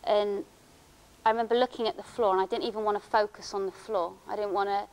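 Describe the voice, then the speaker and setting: A woman giving a conference talk, recounting a personal experience in a halting, emotional way with many restarts. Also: medium pitch, fairly even intonation, darkish tone, poor audio. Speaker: conference speaker. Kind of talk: first-person account given as a conference talk. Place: conference hall.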